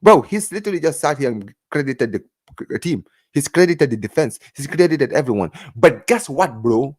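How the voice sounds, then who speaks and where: A man's voice: mid-range voice, moderate pace. A man hosting a live football reaction stream, ranting in a sarcastic, repetitive way. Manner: animated, ranting and sarcastic, repeats words and says "bro". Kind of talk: live fan reaction chat.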